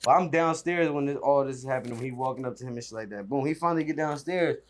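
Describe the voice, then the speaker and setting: A man, telling a story in a relaxed, casual interview manner, punctuating it with filler beats. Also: fast. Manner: laid-back, repeats filler beats like "boom". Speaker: interview guest.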